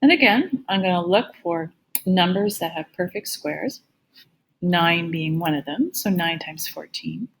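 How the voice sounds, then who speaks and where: A woman math teacher giving a recorded lecture with a slightly gravelly voice, explaining each step patiently. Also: on the low side, measured pace, a little hiss or hum, poor audio.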